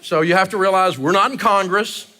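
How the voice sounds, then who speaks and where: A man teaching personal finance at a live seminar, full of jokes and punchy energy. His voice sits high and rings bright. He talks to the crowd with playful, animated bursts. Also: a little fast, a little hiss or hum.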